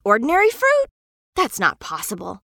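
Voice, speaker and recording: A woman's voice: on the high side, wildly swooping pitch, moderate pace, vocal fry, bright, forceful tone, no room sound, clean studio sound, heavily acted. A woman voicing a timid young male dragon who cannot breathe fire, stammering and hesitant in a children's storybook. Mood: unsure.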